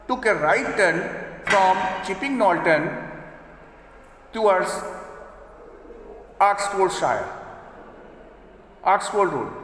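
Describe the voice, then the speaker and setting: Slow, high-voiced male teacher, echoey. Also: a bit bright, slight background noise. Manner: paraphrases each sentence, checking understanding. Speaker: English teacher. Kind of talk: explaining a story line by line to students. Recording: echoey room with long reverb.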